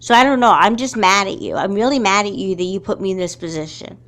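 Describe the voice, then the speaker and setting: A woman's voice: mid-range voice, lively intonation, quick pace, fairly bright tone. A woman voicing an angry, hurt schoolgirl who accuses her friend in a fan doll movie. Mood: indignant. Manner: indignant, accusing.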